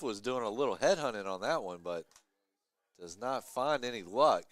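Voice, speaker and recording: A man giving live play-by-play commentary on a college lacrosse game, chatty between plays and excited on big ones. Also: fairly low pitch, normal speed, no echo. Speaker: play-by-play announcer.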